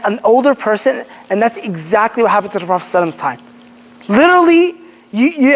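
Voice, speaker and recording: A man giving a casual religious lesson to young people, telling animated stories, acting out quotes and restarting his sentences often. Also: extremely high pitch. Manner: animated storyteller, acts out quotes, many fillers and restarts. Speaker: Islamic teacher. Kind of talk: casual religious lecture to a youth group. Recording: long hall reverb.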